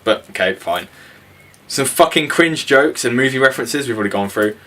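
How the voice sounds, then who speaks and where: A man's voice: medium pitch, lively intonation, a little fast, sharp tone. A young man co-hosting a casual film review, blunt and opinionated, sweary, laughing often. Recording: voice from a distance.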